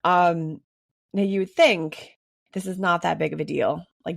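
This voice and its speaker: A woman in her thirties hosting a casual solo podcast, slightly raspy and hoarse while recovering from illness, chatty with frequent ums. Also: on the low side, fairly even intonation, a little slow, dry recording. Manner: chatty, frequent ums, laughs between thoughts. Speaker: podcast host.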